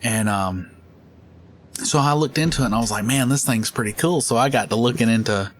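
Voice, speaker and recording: A man's voice: medium pitch, a little fast, slight background noise. A middle-aged man chatting casually while playing a game, rambling through stories and laughing often. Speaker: gaming channel host.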